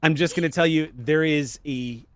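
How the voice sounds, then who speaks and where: A man's voice: a little high, moderate pace, fairly bright tone. A man narrating and explaining rules as game master of a tabletop horror game.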